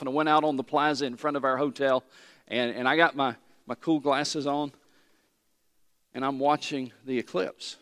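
A man preaching to his congregation, his voice sitting a little high for a man. He tells a personal story in an earnest, unhurried way and pushes to emphatic peaks. A long reverb trails his words through a large church sanctuary. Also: fairly bright tone. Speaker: pastor.

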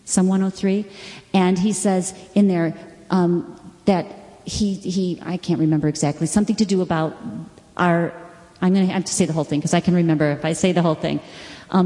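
A middle-aged woman teaching from the front and telling a personal testimony with earnest conviction, now and then lifting into excitement. Her voice sits a little low and mellow, and a long reverb trails behind her words in a large hall. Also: brisk. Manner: earnest storytelling, quoting scripture, with bursts of excitement. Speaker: Bible teacher.

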